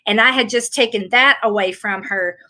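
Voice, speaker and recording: A middle-aged fitness coach from rural Tennessee with a Southern accent chats casually in a live Q&A, rambling a little and poking fun at herself. Her medium-pitched voice is bright and forceful at a moderate pace.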